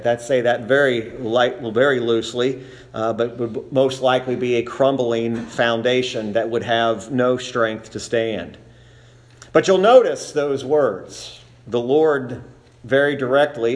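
A male pastor delivering a Sunday sermon in a steady, mid-pitched voice. He speaks deliberately, leaning hard on words he wants to stress. The delivery is earnest and unhurried. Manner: measured, deliberate preaching with emphatic slow stresses.

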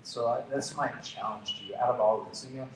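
A man's voice: medium pitch, fairly even intonation, fast talker, a little hiss or hum. A man preaching as a pastor, telling a personal story in an earnest, conversational way. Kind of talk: storytelling sermon. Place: church gathering room. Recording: roomy, distant from the mic.

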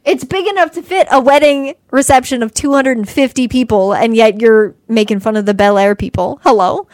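Young female podcast co-host, animated and sarcastic, salty language, slightly high voice. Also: fairly quick, no echo. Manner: animated, sarcastic ranting with frequent swearing. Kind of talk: casual chat.

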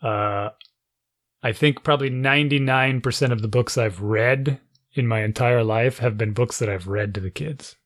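A man in a casual chat, telling a story with animated quoted dialogue and frequent laughter. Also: mid-range voice, normal speed.

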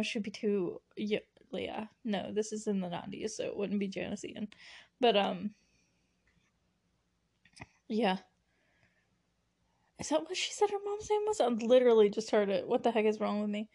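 A woman's voice: mid-range voice, steady tone, normal speed, mellow. A young woman hosting a solo podcast, recapping a TV episode in a rambling, giggly way with lots of fillers and restarts. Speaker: podcast host recapping a TV show. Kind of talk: casual solo recap chat.

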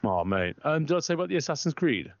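A podcast co-host tells rambling, profanity-laced stories, animatedly acting out other people's lines in a raised voice. He talks fast in a slightly high voice, and the recording is dull, lo-fi, and dry with no room sound.

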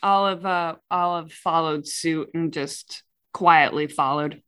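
A woman's voice: sits low, steady tone, slow pace, a bit bright, smooth. A woman playing a tabletop game, chatty and self-correcting as she describes her character. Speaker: player. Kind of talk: casual tabletop game play.

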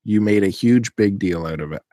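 A man's voice: lowish voice, fairly quick, warm tone, no echo, clean studio sound. A man chatting casually on a podcast, ranting and teasing in an opinionated way. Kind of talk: casual chat.

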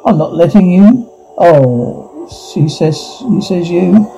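High, gravelly man reading a drama aloud. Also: slow pace. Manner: flat, stumbling read with restarts. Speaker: reader voicing a whole drama. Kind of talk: reading a drama script aloud, sound cues included. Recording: dull lo-fi recording with faint music.

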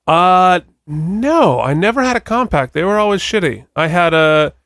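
A man co-hosts a podcast, chatting casually and rambling while correcting himself along the way. His voice is high-pitched and fairly bright, with lively intonation and a moderate pace. The studio sound is clean, with no echo.

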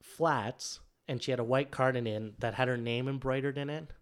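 A man's voice: mid-range voice, steady tone, moderate pace, clear, resonant tone. A man telling a story in a casual chat, rambling with many fillers and acting out what others said. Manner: rambling, filler-heavy, acts out quotes.

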